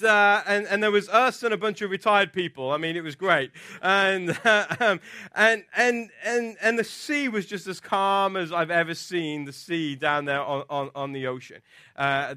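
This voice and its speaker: A man preaching a sermon, telling a personal story in an animated, lively way. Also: high voice, smooth, no room sound, studio quality. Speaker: pastor.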